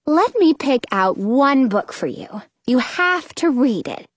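A woman's voice: high-pitched, big pitch swings, slow, no echo, heavily acted. A woman voicing a playful young woman who loves books, speaking in a teasing, sing-song way in an audiobook reading.

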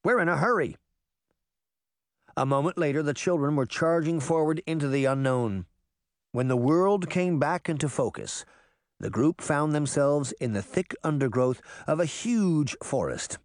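Male audiobook narrator, animated and a touch high, dry close recording. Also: moderate pace, no room sound. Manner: lively storytelling voices. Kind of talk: scripted narration.

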